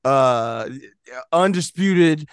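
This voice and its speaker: A man hosting a podcast with loud, exclamatory, profane banter. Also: on the high side, animated, extremely slow, clear, resonant tone, no echo, clean studio sound. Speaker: podcast host. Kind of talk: casual chat.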